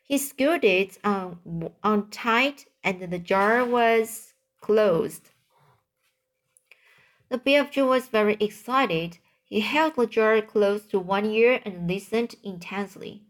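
A woman reads a children's book aloud at an unhurried, slow pace. She halts here and there and restarts a word before going on. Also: mid-range voice. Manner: halting, with small restarts. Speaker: reader.

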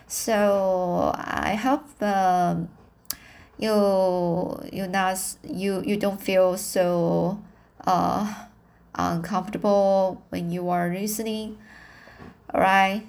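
Slow, halting woman reading a novel aloud. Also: mid-range voice, fairly even intonation, creaky, darkish tone. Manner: halting, hesitant, self-correcting, learner's English. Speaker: reader of a novel. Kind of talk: amateur audiobook reading.

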